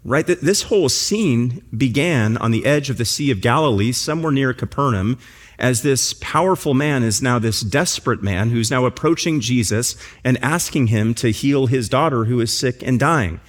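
A man's voice: medium pitch, expressive, normal speed. A pastor preaching a sermon in church, building his points through earnest, emphatic repetition.

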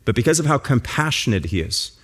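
A man's voice: medium pitch, very animated, quick pace, a bit bright, breathy edge. A pastor preaching a sermon in church, building his points through earnest, emphatic repetition.

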